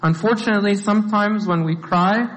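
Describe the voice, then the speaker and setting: A man's voice: sits high, a little fast, fairly bright tone. A man preaching a sermon in a conversational way, often filling with "like". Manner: conversational, with many "like" fillers. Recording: long hall reverb.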